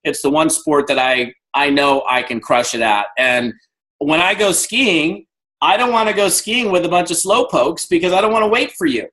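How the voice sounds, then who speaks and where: Energetic man telling lively stories. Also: fairly high pitch, normal speed, rough recording. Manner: energetic storyteller, acts out dialogue. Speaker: guest speaker. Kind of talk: motivational talk on a video call. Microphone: video call.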